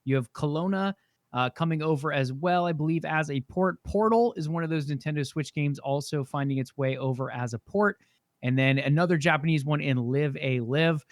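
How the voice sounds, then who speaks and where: A man co-hosting a gaming podcast, giving a steady, informative rundown with some fillers. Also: on the high side, normal speed, no echo, clean studio sound. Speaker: podcast co-host. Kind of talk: casual chat.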